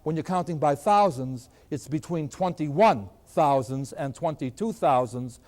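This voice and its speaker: A man's voice: fairly high pitch, darkish tone. An older man teaching arithmetic at a board, asking questions and answering them himself. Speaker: math teacher. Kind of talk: recorded classroom lecture. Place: lecture room at a board. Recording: long hall reverb.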